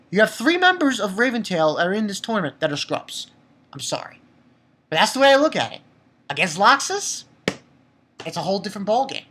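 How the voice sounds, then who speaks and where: A man giving a casual, excitable spoken review of a manga chapter, swearing and repeating himself for emphasis. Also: sits high. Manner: excitable, profane, laughs often; repetitive, emphatic.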